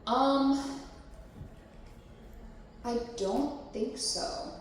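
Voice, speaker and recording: A woman's voice: high voice, extremely slow, a little hiss or hum. Chatty woman in an echoey convention room. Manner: chatty and frank, swears, heavy "like, you know" fillers. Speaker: cosplay panel presenter. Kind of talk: casual live panel talk. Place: convention panel room with live audience. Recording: echoey room, distant mic.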